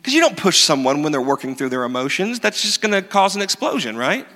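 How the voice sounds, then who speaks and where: A man preaching a sermon, animated and self-mocking, with emphatic repeats. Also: fairly high pitch, fast talker. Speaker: pastor. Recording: reverberant hall.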